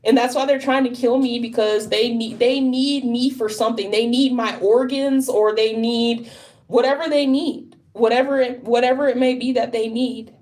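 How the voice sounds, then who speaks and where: Worn-out lady ranting on a livestream, kinda high voice, cusses a lot, rambles. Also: fairly even intonation, moderate pace, a little mellow. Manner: rambling, profane, frustrated. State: tired. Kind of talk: casual livestream monologue.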